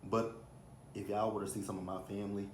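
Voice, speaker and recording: A chatty Texan man in his thirties recaps a reality show in an easygoing, animated way and slips into little voices for quotes. His voice sits on the lower side. The room is echoey, with a soft ambient hiss behind him. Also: brisk. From Texas. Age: 30s. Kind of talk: casual recap commentary. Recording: roomy echo, faint ambience.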